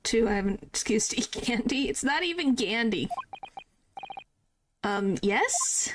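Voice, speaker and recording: A woman's voice: fairly high pitch, animated, measured pace, long pauses, noisy background. A woman streamer chatting casually and playfully while playing a game, with mild joking swears.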